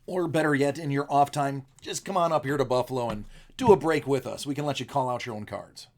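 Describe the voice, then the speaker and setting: A man hosting a live card break, chatty and joking, his voice a little rough from screaming, clearing his throat often. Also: mid-range voice, fairly quick, a little mellow.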